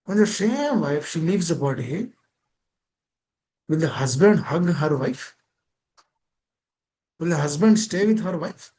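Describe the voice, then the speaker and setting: A man's voice: a little high, animated, slow pace, long pauses, a little mellow, poor audio. A man gives a devotional scripture class over a video call. He keeps asking rhetorical questions and linking ideas with "that means.".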